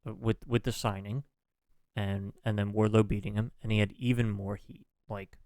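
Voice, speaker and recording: A man with a lowish, smooth, clear voice, co-hosting a relaxed podcast chat about wrestling. He thinks aloud, hedges with plenty of fillers and swears casually. The sound is close and dry. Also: moderate pace, no echo. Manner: profane, hedging, thinks aloud with many fillers. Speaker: podcast co-host.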